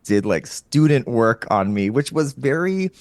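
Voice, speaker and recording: A man in casual chat, an animated storyteller who swears and laughs often. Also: medium pitch, a little slow, no room sound. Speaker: podcast guest, comedian.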